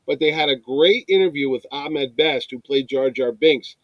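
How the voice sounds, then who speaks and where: A man in casual conversation retells what he watched with animation, voicing the people he quotes. His voice sits a little high. The sound is dry and close to the mic. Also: moderate pace, dry recording, dull audio. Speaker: podcast co-host. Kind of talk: casual chat, storytelling.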